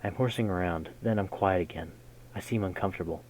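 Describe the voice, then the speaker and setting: Deep-voiced man reading game text aloud. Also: darkish tone, a little hiss or hum, low-quality recording. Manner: measured narration broken by casual slangy comments. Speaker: gaming video host.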